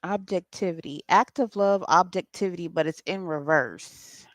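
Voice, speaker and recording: A woman's voice: fairly low pitch, normal speed, dry recording. A woman doing a casual channeling session as a psychic reader, chatting and laughing with her viewers. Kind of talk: casual spirit channeling livestream.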